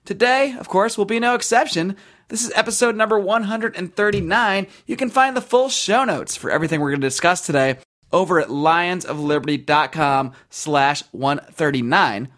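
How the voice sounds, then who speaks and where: A man's voice: high-pitched, moderate pace, a bit bright. A man hosting a podcast interview, reading sponsor spots with upbeat emphasis before talking with his guest. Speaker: podcast host.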